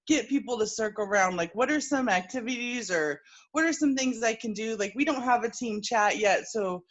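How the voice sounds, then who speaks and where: A woman asks a question on a video call, hesitating and filling gaps as she goes. Her voice is fairly high. The call audio sounds dull and lo-fi. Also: normal speed. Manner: hesitant, many fillers. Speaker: new director asking a question.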